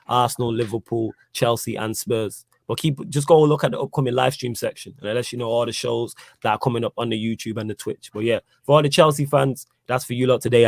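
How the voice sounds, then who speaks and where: A young man with a Manchester accent, co-hosting a casual live-stream chat full of slang and shout-outs. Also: medium pitch, vocal fry, no room sound, studio quality. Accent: South East Manchester. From England. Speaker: co-host.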